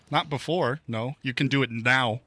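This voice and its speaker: Brief: male game master, slow delivery, bright tense tone, patient narration. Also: medium pitch.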